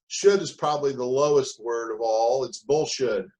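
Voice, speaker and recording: A man's voice: mid-range voice, unhurried, a little mellow, rough recording. A male speaker delivering a motivational seminar talk. He hammers his points home with short, repeated phrases. Now and then he slips into a whiny voice to mimic excuses. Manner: emphatic, punchy repetition, acts out whiny victim voices. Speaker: mentor and speaker.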